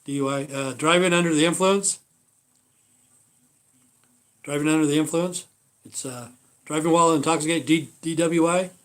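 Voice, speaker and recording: A man in his fifties from the United States rambles through a casual livestream monologue, blunt and foul-mouthed. His voice sits a little high for a man, and sentences often fade into a mumbled "you know". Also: normal speed, pauses often, a bit bright. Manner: blunt, swears constantly, trails off with "you know". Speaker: livestream host.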